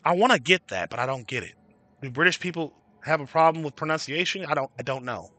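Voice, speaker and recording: A man's voice: fairly high pitch, expressive, fast talker, bright, forceful tone, no room sound. A man hosting a casual livestream, ranting and chatting with viewers by name, cursing freely. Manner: swearing freely. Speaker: livestream host.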